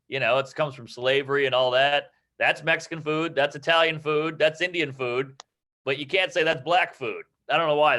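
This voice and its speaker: Guy workshopping jokes, kinda high bright voice, loose and riffy. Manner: loose, riffing, acts out quick voices. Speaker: comedy coach. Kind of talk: casual joke workshopping.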